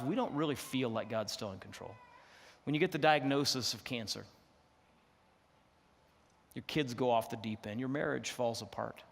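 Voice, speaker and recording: A middle-aged man, a pastor, preaching a sermon in an animated, conversational way. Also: medium pitch. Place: church sanctuary. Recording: long reverb of a church hall.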